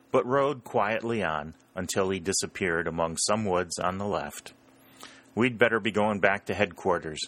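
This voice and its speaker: A man with a very low voice narrates a historical novel. His reading is steady, and the characters' dialogue comes out a little higher. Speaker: audiobook narrator. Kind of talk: scripted narration.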